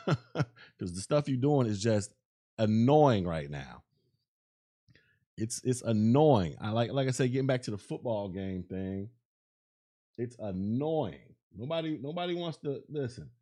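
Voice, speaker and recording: A man talks solo into a podcast mic in a loose, rambling rant. He keeps restarting sentences and leaning on fillers. His voice sits at an ordinary middle pitch. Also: animated, unhurried, pauses often, mellow. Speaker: podcast host. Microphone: podcast microphone.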